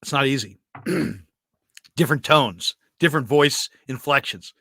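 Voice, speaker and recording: A man hosting a sports talk show, telling animated stories in casual chat. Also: medium pitch, brisk, dry recording, clean studio sound. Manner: animated storyteller, does impressions. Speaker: sports radio host.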